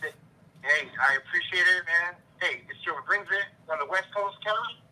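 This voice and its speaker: A man chatting as a guest on a collecting show, upbeat and quick to give shout-outs. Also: high voice, rough recording. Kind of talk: casual chat.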